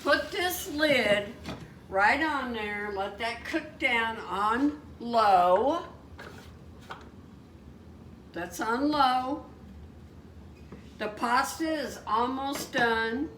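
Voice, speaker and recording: A woman chatting excitedly as she cooks a meal at home, exclaiming as she goes. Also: a little high, drawn-out words. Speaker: home cook showing a recipe. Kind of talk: casual cooking demonstration. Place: home kitchen. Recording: echoey kitchen, distant mic, frying noise. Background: sizzling frying pan.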